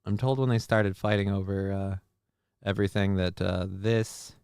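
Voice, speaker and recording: A man's voice: low voice, steady tone, moderate pace, a little mellow, clean tone, no room sound, clean studio sound. A man hosting a live show, reacting to clips in casual commentary, rambling and crude with plenty of fillers and swearing.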